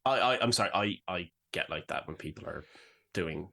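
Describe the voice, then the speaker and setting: A man's voice: low voice, expressive, normal speed, gravelly, sharp tone. A young Irish man co-hosting a podcast, grumbling in a wry, self-mocking casual chat. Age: young adult. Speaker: podcast co-host.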